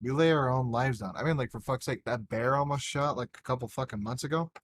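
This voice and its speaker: A man's voice: mid-range voice, fast, slight background noise. Tipsy swearing man telling stories. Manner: rambling, heavy swearing, tipsy. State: drunk. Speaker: podcast co-host. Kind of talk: casual chat.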